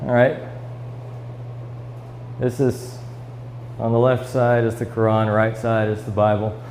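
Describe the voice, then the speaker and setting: A man's voice: medium pitch, little pitch movement, slow pace, a little mellow, a little hiss or hum, low-quality recording. Man teaching a church Bible study. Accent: American Midwestern. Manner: reads scripture aloud and explains it, with fillers and restarts. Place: church classroom.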